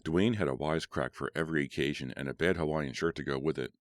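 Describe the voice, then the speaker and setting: A man giving a steady, measured reading as an audiobook narrator. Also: a bass voice, no echo, clean studio sound.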